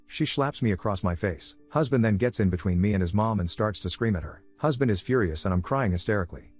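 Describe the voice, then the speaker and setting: A man reading a first-person story aloud as scripted narration at an even, quick clip. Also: lowish voice, slightly rough. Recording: narration over faint background music.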